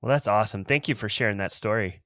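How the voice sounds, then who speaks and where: Male interviewer, low voice, short encouraging replies, dry close sound. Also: fast talker, pushed and bright, no room sound. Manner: brief, encouraging responses. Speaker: podcast host.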